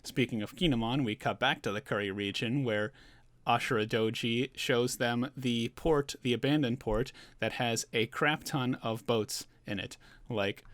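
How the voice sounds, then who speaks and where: A man's voice: mid-range voice, steady tone, moderate pace, a bit bright, no room sound. A man giving a casual, loose recap of a manga chapter, chuckling now and then and talking with plenty of fillers. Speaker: manga reviewer.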